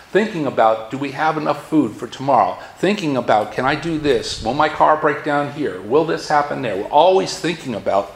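A man with a Massachusetts accent preaching a sermon in an earnest manner, his voice lifting in force when he reads scripture aloud. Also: mid-range voice. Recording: roomy echo.

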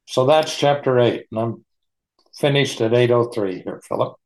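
A man leading an online Bible study, teaching in an unhurried, folksy way and chuckling often. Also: medium pitch, darkish tone.

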